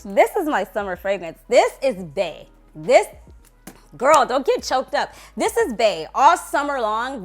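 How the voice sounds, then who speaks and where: A young woman reviewing perfumes in a casual vlog, gushing and playful, lingering over sensual words. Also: medium pitch. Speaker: fragrance reviewer.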